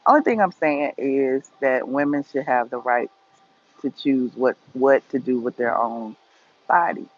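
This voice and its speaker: A woman's voice: very deep voice, measured pace, lo-fi sound. A woman talks casually to her viewers in a livestream, speaking her opinions bluntly and reading out their comments as she goes. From Atlanta, USA. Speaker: gossip vlogger answering live chat.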